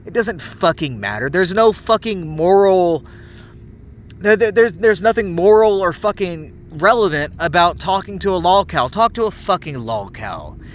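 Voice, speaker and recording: Man, late 30s, fuming solo rant with constant swearing and tripping restarts, voice sitting a bit high, faint traffic hum behind. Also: lively intonation, moderate pace. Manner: angry, heavily profane, stumbling restarts. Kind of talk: ranting monologue.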